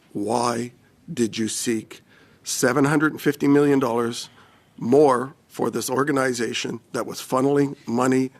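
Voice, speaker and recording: A man, an opposition member of parliament, questioning in a combative, accusatory way at a desk microphone. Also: medium pitch. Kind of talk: confrontational questioning.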